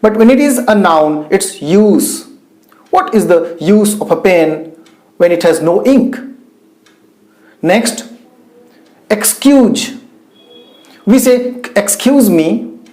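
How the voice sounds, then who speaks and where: A man teaching pronunciation, saying words slowly in pairs to contrast right and wrong forms. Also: high-pitched, animated, darkish tone. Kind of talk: slow, deliberate pronunciation lesson. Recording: echoey room.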